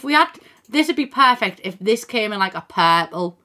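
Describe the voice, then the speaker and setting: An expressive, sharp-toned woman talks at normal speed and medium pitch while she plays on stream. Her desk mic sits in front of the screen at home, and she chats casually, voices her thoughts, reads out chat, and now and then swears.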